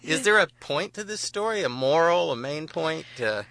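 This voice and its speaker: A man's voice: fairly high pitch, lively intonation, normal speed, gravelly, bright, forceful tone, no echo. A man hosting a radio talk show from a studio, easygoing and conversational. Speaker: radio host.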